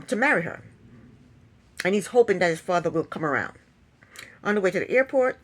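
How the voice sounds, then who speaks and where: A woman in a medium voice giving a casual recap of a reality show. She talks bluntly and offers strong opinions, and she often pauses on filler sounds as she goes. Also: mid-range voice.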